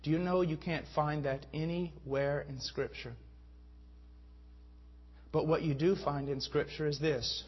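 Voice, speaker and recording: A man's voice: fairly high pitch, fairly even intonation, unhurried, pauses often, husky. A man preaching a sermon with fervent delivery that rises to emphatic peaks. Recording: dull lo-fi sound.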